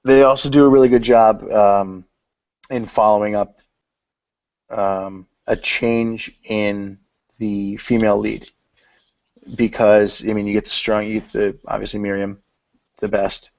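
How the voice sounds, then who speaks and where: A man's voice: on the low side, little pitch movement, unhurried, pauses often, darkish tone, no room sound. A man co-hosting a podcast, chatting casually and jokily about films, slipping into mock voices to quote scenes. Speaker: podcast co-host. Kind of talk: casual film discussion chat. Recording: dull lo-fi podcast audio.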